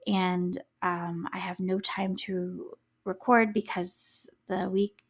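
A woman's voice: on the low side, flat delivery, slow pace, breathy edge. A young woman hosting a true crime podcast, chatting casually and reacting to the case with sarcastic asides. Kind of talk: casual solo podcast chat.

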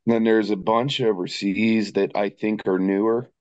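A man's voice: lowish voice, fairly even intonation, measured pace, a little mellow, no room sound. A man co-hosting a casual podcast, agreeable, often answering with short replies. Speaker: podcast co-host. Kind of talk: casual chat. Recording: dull lo-fi sound.

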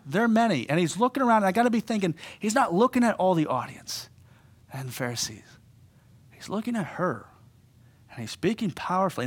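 A middle-aged man preaching with lots of energy, his voice sitting a little high for a man. He swings from loud, driving emphasis down to quiet, tender stretches. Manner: animated preaching, voicing quoted speakers, drops to soft emphasis. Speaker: pastor. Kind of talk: sermon.

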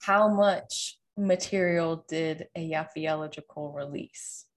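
A young woman in her twenties with a somewhat low voice talks through her thesis for a family podcast. Her delivery is relaxed and unpolished, full of small hedges and filler words as she moves from point to point. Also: takes it slowly. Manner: chatty, hedging with fillers like "like" and "um". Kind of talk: casual presentation and family quiz.

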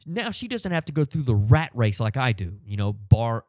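A middle-aged man hosting a podcast, telling a story in a profane, animated casual rant full of fillers. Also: medium pitch, moderate pace, no room sound, studio quality. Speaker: podcast host. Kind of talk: ranting casual monologue.

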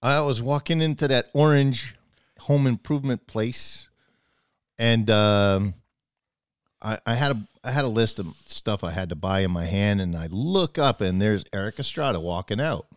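A man's voice: lowish voice, moderate pace, clear, resonant tone, no echo, clean studio sound. A man telling a long personal story in casual chat, rambling, restarting his sentences, and acting out both sides of the conversation.

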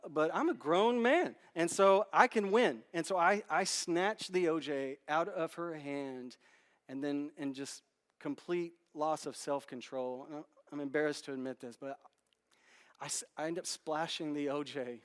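Animated storytelling male pastor. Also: on the high side. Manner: candid, self-deprecating, animated storytelling with many restarts. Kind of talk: storytelling sermon. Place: church sanctuary.

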